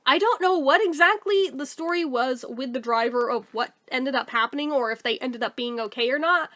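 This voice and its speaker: A woman's voice: high voice, moderate pace, fairly bright tone. A woman casually telling a personal story to her viewers, candid and chatty, swearing freely.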